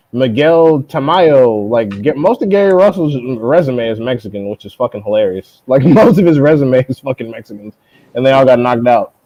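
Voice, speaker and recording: A young man hosting a boxing live stream, ranting at a viewer in a profane, mocking way and mimicking people in high voices. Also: lo-fi sound. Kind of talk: heated casual live-stream rant.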